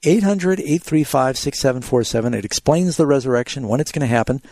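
A man's voice: mid-range voice, lively intonation, brisk, a little mellow, dry recording. A man hosting a radio call-in show as a pastor, explaining scripture in a teacherly way and telling short illustrative stories. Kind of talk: radio call-in Bible answers. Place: radio studio.

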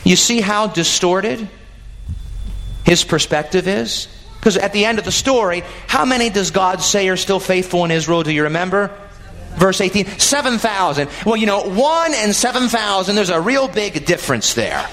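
A male preacher with a fairly high voice delivers a sermon, and his pitch swings widely. He retells scripture expressively and speaks directly to his listeners. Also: normal speed, slight background noise, low-quality recording. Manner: expressive, rising and dropping for emphasis, addresses congregation.

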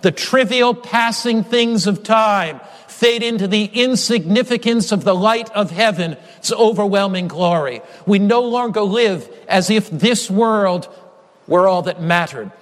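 A male preacher with a high voice delivers a measured, emphatic sermon. He builds his points through repeated refrains. Long reverb trails his phrases in a large hall. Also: a bit bright.

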